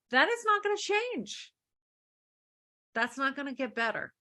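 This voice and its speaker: A woman's voice: on the high side, pushed and bright. A middle-aged woman, a divorce lawyer, answering interview questions earnestly, often posing rhetorical questions.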